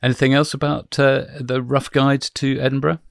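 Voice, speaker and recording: A man's voice: medium pitch, level tone, moderate pace, gravelly, no room sound, clean studio sound. A man hosting a podcast, chatty and leading the talk with questions. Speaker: podcast host. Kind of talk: casual podcast chat.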